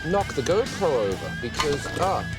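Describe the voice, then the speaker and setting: A man's voice: fairly high pitch, big pitch swings, normal speed. Guy in his garage wrenching on a car, swearing and ranting at himself, music going behind him. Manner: grumbling, swearing, self-mocking asides. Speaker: car vlogger. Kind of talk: casual self-filmed garage vlog. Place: home garage, working under a car. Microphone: external mic on action camera.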